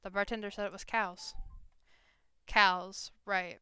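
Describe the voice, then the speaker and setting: A woman voicing a tough, grieving frontier woman who talks quietly in rough folksy grammar. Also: medium pitch, level tone, slow pace. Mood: bitter.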